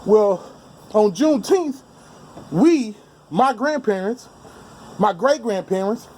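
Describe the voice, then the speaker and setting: A man's voice: high voice, expressive, slow pace, warm tone, husky. A man giving a blunt, heated, profane rant to camera outdoors, heavy with street slang. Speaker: vlogger. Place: outdoors on steps.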